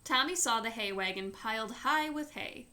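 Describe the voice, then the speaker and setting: A woman reading a children's chapter book aloud in a slow, clear storytelling manner. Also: a little high, expressive, pushed and bright.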